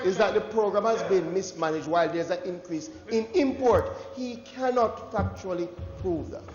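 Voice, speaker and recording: A man's voice: sits high, moderate pace. A Jamaican man, a member of parliament, raising a point of order in an insistent, combative way. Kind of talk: parliamentary objection. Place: large parliament chamber. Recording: dull echoey chamber audio with crowd murmur.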